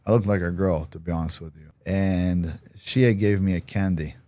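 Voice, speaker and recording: Blunt, deep-voiced man, dry studio sound. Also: fairly even intonation, moderate pace, dark tone, no echo. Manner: blunt, emphatic, swears freely. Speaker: podcast guest. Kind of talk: personal interview storytelling.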